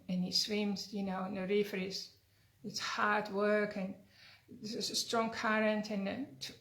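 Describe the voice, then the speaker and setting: A woman healer speaking in an earnest, conversational teaching manner, weaving in a fable. Her voice sits at a middle pitch. The recording has a roomy echo. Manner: earnest, conversational, frequent tag questions. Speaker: energy healer. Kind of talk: teaching talk with storytelling. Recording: echoey room.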